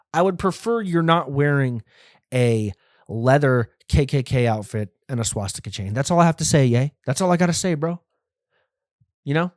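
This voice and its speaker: Profane rambling podcast host, dry close mic. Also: male voice, fairly high pitch, no room sound. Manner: profane, riffing, acts out imagined scenes. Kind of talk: rambling comedic monologue.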